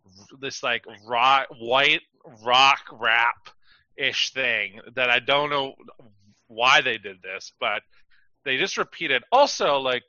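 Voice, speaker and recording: A man's voice: medium pitch, lively intonation, slow, pushed and bright, no room sound, muffled recording. A man co-hosting a casual podcast, rambling and filling his talk with "like" as he acts out what people said. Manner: rambling, heavy use of "like", acts out quotes. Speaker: podcast co-host.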